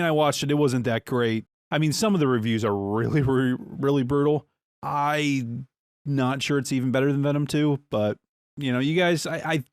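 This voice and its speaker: A man's voice: mid-range voice, no room sound, clean studio sound. A man co-hosting a podcast in rambling, laid-back casual chat, swearing now and then. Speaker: podcast co-host.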